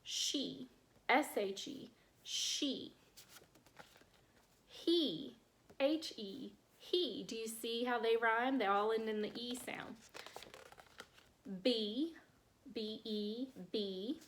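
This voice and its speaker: Slow, encouraging woman teaching phonics. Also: a little high, fairly bright tone, a little hiss or hum. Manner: slow, clear sounding-out of word parts, encouraging. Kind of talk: phonics lesson for children.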